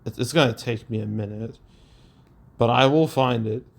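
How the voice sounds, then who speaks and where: A young man hosts a casual show, reading audience reviews aloud in an everyday mid-pitched voice. He rambles and hums while searching, often chuckling between comments. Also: normal speed, vocal fry. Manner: rambling, chuckling, filler-heavy. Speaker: host.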